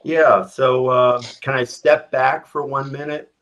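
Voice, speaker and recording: A man's voice: medium pitch, level tone, takes it slowly, fairly bright tone, dull audio. A middle-aged or older man, a business guest on a podcast, explaining his points through examples and often checking in with "right?". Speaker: guest, business strategy executive. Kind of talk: conversational explanation on a remote podcast.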